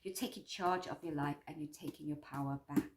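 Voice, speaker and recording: A woman's voice: low-pitched, fairly even intonation, a little fast, reverberant, noisy background. A woman doing a personal check-in vlog about her course, talking in a rambling, repetitive, upbeat and self-affirming way. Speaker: vlogger and course creator.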